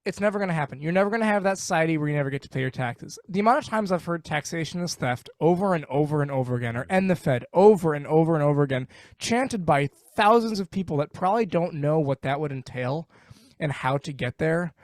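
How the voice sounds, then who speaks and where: Podcast guest, male, higher-pitched, close dry sound, heated and emphatic, curses. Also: fast, no room sound. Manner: animated, emphatic, ranting, swears. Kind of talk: opinionated casual chat.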